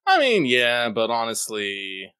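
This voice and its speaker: A man's voice: medium pitch, wildly swooping pitch, slow, sharp tone, smooth, dry recording. A man co-hosting a podcast, reading listener mail and chatting casually, swearing and rambling as he goes. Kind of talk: casual chat.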